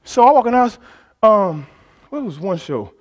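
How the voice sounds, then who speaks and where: Male pastor, high voice, sermon delivery: conversational asides that climb into shouted preaching, constant call-and-response with the congregation. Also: very animated, normal speed. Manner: talks directly to the congregation with call-and-response prompts.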